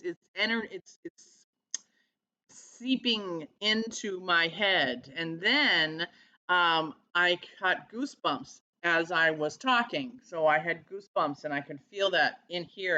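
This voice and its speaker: Bright-voiced woman vlogging earnestly. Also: lowish voice. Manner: earnest, halting, searching for words. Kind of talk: casual spiritual vlog. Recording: slightly dull lo-fi sound.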